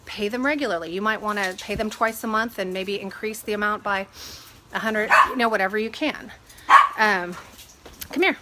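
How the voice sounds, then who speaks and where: A woman real estate agent giving casual advice, sniffling from a cold and animated when she retells her arguments. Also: medium pitch, normal speed, noisy background. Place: home with dogs.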